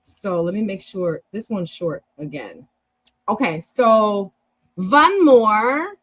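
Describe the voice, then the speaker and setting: A woman's voice: mid-range voice, lively intonation, takes it slowly, husky, poor audio. A woman hosting a language club, teaching in a chatty, encouraging, long-winded way on a casual live stream.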